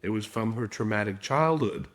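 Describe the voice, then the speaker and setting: A man's voice: on the low side, animated, moderate pace. A middle-aged man, a guest expert in a podcast interview, telling stories and acting out quotes. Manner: storytelling with acted quotes.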